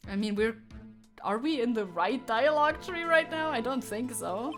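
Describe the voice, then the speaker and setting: A woman streaming a video game, chatting casually and thinking aloud with quick self-corrections. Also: on the high side, animated, fairly bright tone, soft background music.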